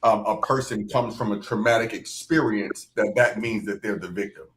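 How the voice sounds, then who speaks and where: A man's voice: on the low side, moderate pace, a bit bright, rough recording. A man on a live panel who builds his arguments carefully with examples. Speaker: panelist, called Doc. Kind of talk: panel discussion on a live stream.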